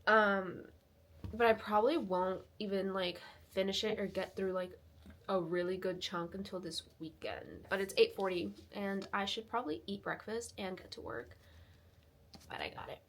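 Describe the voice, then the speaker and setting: A woman in her twenties chatting casually in a reading vlog, excitable and full of fillers. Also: medium pitch, normal speed, a little hiss or hum. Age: 20s. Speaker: reading vlogger.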